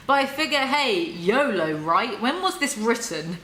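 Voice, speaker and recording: A woman giving soft-spoken ASMR book commentary, reading passages aloud with sarcastic, wry asides. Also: fairly high pitch, big pitch swings, normal speed, few pauses, roomy sound, a little hiss or hum, rough recording.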